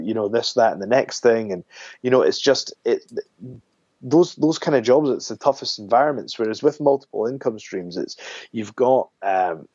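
A man's voice: mid-range voice, darkish tone, slightly rough, no room sound, dull audio. A man talking as a podcast guest in an earnest, rambling way, often stopping to correct himself. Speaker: guest, wrestler. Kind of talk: casual podcast interview.

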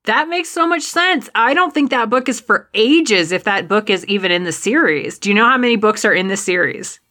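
A woman's voice: mid-range voice, lively intonation, moderate pace, sharp tone. Female podcast host, mid-range voice, enthusiastic and conversational. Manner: enthusiastic reactions and questions. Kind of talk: casual chat.

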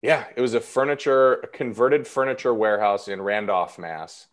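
A man's voice: fairly low pitch, moderate pace. A man in his thirties, an actor guest talking casually and a bit self-deprecatingly in an interview. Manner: chatty and self-deprecating, many fillers.

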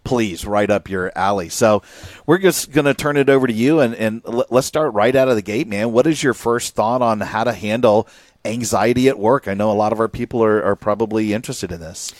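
A man with a fairly low voice hosts a podcast interview, speaking with eager enthusiasm and many small fillers. The sound is dry and close. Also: fairly quick, no room sound. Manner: enthusiastic, warm praise, filler-heavy. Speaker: podcast host.

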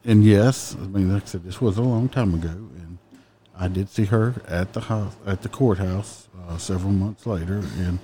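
A blunt former police officer, a man with a lowish voice, telling stories from the job in loose, profane chat. He swears freely and turns loud when he gets worked up. A faint hum of ambience sits under his voice. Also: normal speed. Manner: blunt, profane, mimics people loudly. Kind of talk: casual storytelling chat.

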